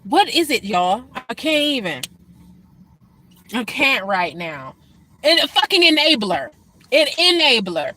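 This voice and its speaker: A woman with a high voice hosts a reaction video into a close, dry mic. She is brash and profane. She mocks people loudly, then sighs about being a worn-out football mom. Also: very animated, unhurried, no echo. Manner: brash, profane, swings between loud mockery and tired sighs. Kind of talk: casual reaction commentary.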